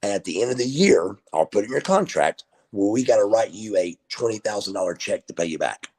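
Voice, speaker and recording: On an interview show, a middle-aged wrestler tells stories casually and animatedly, acting out the dialogue he quotes. His voice is on the low side, and he talks a little fast.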